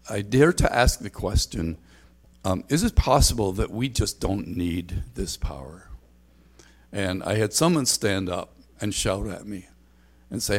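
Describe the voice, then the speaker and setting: Low-voiced man preaching a conversational sermon. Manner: earnest, conversational preaching with frequent restarts. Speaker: pastor.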